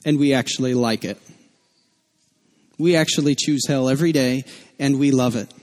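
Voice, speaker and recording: A man's voice: medium pitch, moderate pace. A man preaching a sermon as a pastor, earnest and conversational, weaving personal stories into his teaching.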